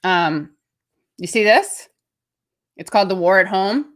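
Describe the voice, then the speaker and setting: A woman's voice: mid-range voice, unhurried, a bit bright. An American woman in her thirties hosting a casual livestream, rambling chattily and reading viewer comments aloud. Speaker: show host.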